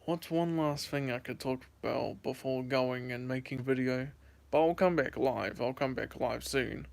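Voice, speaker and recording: A late-teen American guy livestreams from a handheld phone, his medium-pitched voice carrying vocal fry at a moderate pace. He chats casually with viewers, rambling and repeating himself while answering chat.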